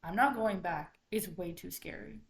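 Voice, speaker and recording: A small male raccoon, played by a woman telling a folktale, speaks loudly and insistently. He sounds shaken and scared, and his voice jumps high when he protests. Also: moderate pace, vocal fry, roomy sound, slight background noise, lightly acted. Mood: frightened.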